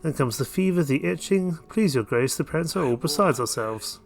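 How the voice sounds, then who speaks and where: A man's voice: a little high, animated, moderate pace, gravelly. A man doing a frantic villager with sick children. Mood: distraught.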